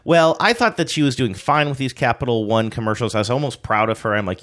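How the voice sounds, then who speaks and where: A man's voice: medium pitch, fast talker, hardly any pauses, a bit bright. A man co-hosting a podcast, chatting casually in a rambling, joking way and saying he feels sluggish. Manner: rambling, joking, self-deprecating. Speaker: podcast co-host. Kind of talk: casual chat.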